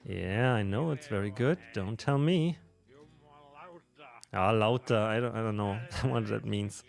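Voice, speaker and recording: A man with a German accent chatting casually with viewers on a live stream while playing a game, laughing often. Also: on the low side.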